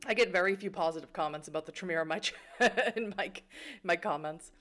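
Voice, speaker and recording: Low-voiced chatty woman streamer. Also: a little fast, a bit bright, faint music behind. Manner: chatty, playful, laughs often, many fillers. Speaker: game streamer. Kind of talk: casual streaming chat and reading game text aloud.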